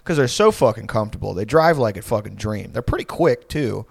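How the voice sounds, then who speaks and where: A man's voice: lowish voice, animated, a little fast, creaky, slightly rough, dry recording. A man in his twenties co-hosting a podcast, telling long profane stories in a rambling, casual way with lots of fillers. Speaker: podcast co-host. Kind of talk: casual chat.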